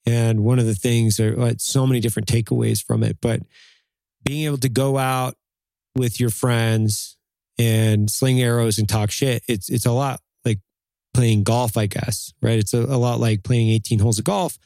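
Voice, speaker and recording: A man's voice: medium pitch, steady tone, moderate pace, creaky, dark tone, dry recording. Blunt, profane man giving a pep talk. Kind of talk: casual chat.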